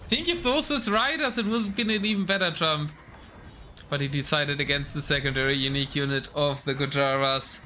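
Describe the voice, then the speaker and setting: Bright-voiced male esports caster. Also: fairly high pitch, a little fast, slight background noise. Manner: casual, chats with the live chat between calls. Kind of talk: live game commentary.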